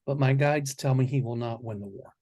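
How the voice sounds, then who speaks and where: A man's voice: mid-range voice, fairly quick, warm tone. A man hosting a psychic predictions show, talking in a rambling, confident, casual way. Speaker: psychic host.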